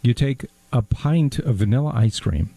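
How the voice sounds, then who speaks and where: A patient man with a mellow voice, explaining a recipe. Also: mid-range voice, expressive, moderate pace, no room sound. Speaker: cooking presenter. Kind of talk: recipe demonstration.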